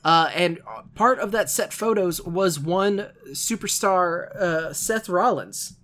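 A man's voice: high voice, slow pace, a bit bright. A man co-hosting a casual podcast, rambling in a self-deprecating, nitpicky way. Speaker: podcast co-host.

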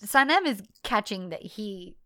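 A woman's voice: mid-range voice, unhurried, slight background noise. A woman in casual chat, recapping a show and acting out lines with lots of laughter. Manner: animated, acts out characters' lines with laughter. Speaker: podcast co-host recapping a TV drama.

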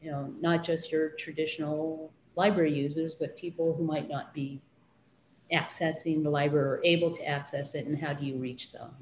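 A woman's voice: deep voice, fairly even intonation, moderate pace, echoey room, slight background noise. A middle-aged woman, a children's librarian, recalling her studies in a casual interview, hesitant with many fillers and restarts.

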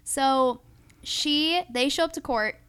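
A woman's voice: high-pitched, slow, a bit bright. Crude, laughing young woman storyteller. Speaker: podcast co-host. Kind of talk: casual storytelling chat.

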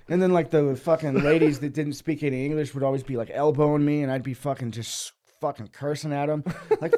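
A man's voice: on the high side, fast, few pauses, warm tone, slight background noise. A young man casually telling a rambling, profanity-laced story, often laughing as he talks. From Boise, Idaho. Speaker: podcast guest storyteller.

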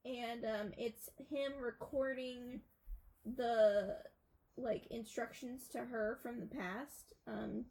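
A woman's voice: fairly high pitch, vocal fry, a little mellow, rough recording. A young woman co-hosting a casual podcast, rambling through a film plot with frequent filler words. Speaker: podcast co-host. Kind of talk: casual chat retelling a film.

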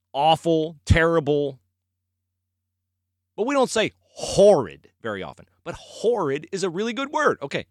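Male podcast host, casual folksy talk, very lively pitch, dry close sound. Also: no room sound. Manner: animated, folksy, emphatic repetition.

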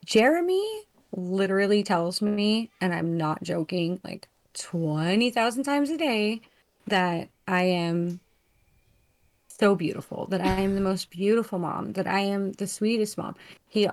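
A middle-aged woman co-hosts a casual podcast chat. She talks in an easy, rambling way, with frequent "um" and "you know". Her voice sits at an ordinary pitch. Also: expressive, measured pace. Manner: chatty, warm storytelling with fillers. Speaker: podcast co-host.

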